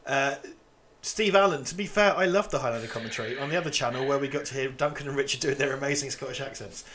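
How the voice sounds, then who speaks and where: A man's voice: medium pitch, fast, a bit bright. A man from England chatting casually as co-host of a livestream, rambling, swearing and laughing often.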